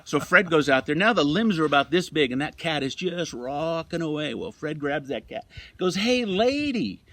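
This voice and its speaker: An older man, a retired fire captain, telling lively anecdotes in an interview and then speaking quietly and reflectively. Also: on the high side, moderate pace, no room sound. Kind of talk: interview storytelling.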